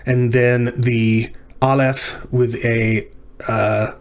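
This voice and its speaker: A man in a recorded lecture talks through practice exercises at an unhurried pace. He thinks aloud, stops to fix small mistakes, and carefully sounds out each word one syllable at a time. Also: medium pitch, flat delivery. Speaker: language instructor.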